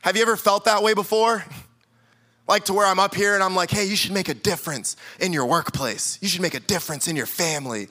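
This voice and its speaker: Bright high-voiced young male preacher. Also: brisk. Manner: storytelling, playfully acts out quotes. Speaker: youth pastor. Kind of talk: sermon. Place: church sanctuary.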